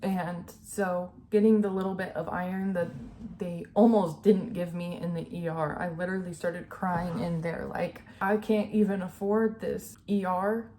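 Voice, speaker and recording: A woman's voice: lowish voice, steady tone, measured pace, dark tone, slight background noise. A young adult woman speaking candidly and emotionally in a personal vlog, full of "like" and "you know". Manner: earnest, emotional, filler-heavy with "like" and "you know". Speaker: vlogger.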